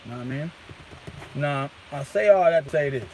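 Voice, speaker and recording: A man's voice: on the high side, expressive, normal speed, slight background noise, low-quality recording. A man rambling grandly and profanely into a handheld phone outdoors, peppering his talk with "you know what I mean". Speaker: vlogger.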